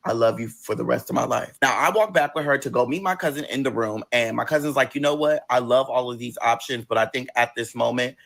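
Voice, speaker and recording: Man, casual storytelling, animated, profane, voices his characters. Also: medium pitch, fairly quick, creaky, hardly any pauses. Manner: animated, swears often, acts out voices. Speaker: vlogger.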